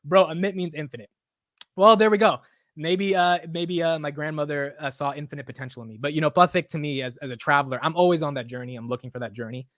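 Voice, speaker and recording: A man's voice: fairly high pitch, fast, a bit bright, no room sound, studio quality. A young man hosting a casual livestream, talking in an emotional, rambling way, swearing now and then and repeating himself. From United States. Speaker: livestream host.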